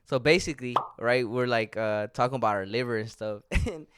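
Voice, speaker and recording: A man's voice: medium pitch, fairly quick, fairly bright tone, clear, resonant tone, no room sound, clean studio sound. A young man co-hosting a podcast, telling stories in a casual, joking way and laughing often. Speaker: podcast co-host. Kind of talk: casual chat.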